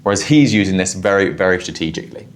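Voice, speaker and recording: A man with a southwest English accent talks through a podcast clip he recorded, breaking down what was said. His voice sits very low, and he speaks quickly and explains as he goes, often restarting his sentences. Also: animated, slight background noise. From southwest England. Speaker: podcast host reviewing a clip.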